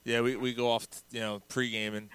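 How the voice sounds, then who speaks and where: A man's voice: medium pitch, brisk, clear, resonant tone, no echo. A man, hosting a casual podcast chat, telling stories with lots of swearing and acting out his friends. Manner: swearing, animated storyteller doing friends' voices. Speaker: podcast host.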